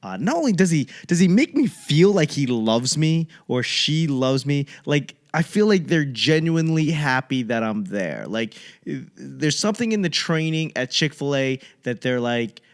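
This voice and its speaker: A young man from the Boston area riffs through a loose comic monologue as host of his own podcast. He talks casually and profanely, wanders off on tangents, and drops into quick voices for other people. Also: fairly high pitch. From Boston area, USA. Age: young adult. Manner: rambling, profane, animated impressions of others.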